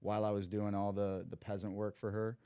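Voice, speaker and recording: A young man with a deep, mellow, smooth voice tells a long story as a podcast guest. He talks in loose slang with plenty of "like" and acts out what everyone in the story said. The sound is dry and close to the mic. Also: a little fast, no echo. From Cleveland, USA. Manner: lively storyteller who acts out quoted dialogue; loose slang and frequent "like" fillers. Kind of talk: casual storytelling.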